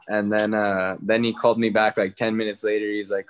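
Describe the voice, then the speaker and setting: A young man from New Mexico, a guest fighter talking casually in an interview, relaxed and slangy. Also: fairly low pitch, brisk, hardly any pauses, noisy background. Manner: relaxed, slangy, retells talks with others in quoted bits.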